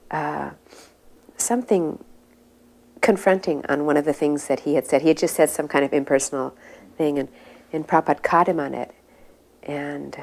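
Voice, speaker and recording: Woman telling an old story, chatty, lots of "uh" and "like", gets higher and more excited as it goes. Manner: conversational, rises to excited high pitch as the story builds. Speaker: devotee recalling memories. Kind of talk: personal storytelling reminiscence.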